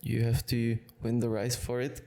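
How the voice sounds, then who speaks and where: A man's voice: medium pitch, completely flat delivery, normal speed, gravelly, dark tone. A man hosting a sim racing channel, breaking down race replays in an analytical way and often correcting himself mid-sentence. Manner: analytical, with frequent self-corrections. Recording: music bed under the voice.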